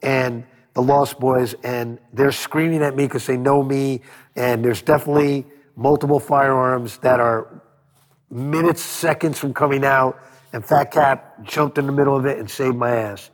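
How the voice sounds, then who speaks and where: A man being interviewed as a record producer, telling animated stories, acting out quotes and swearing freely. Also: medium pitch, a little slow, big-room sound. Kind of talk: storytelling interview.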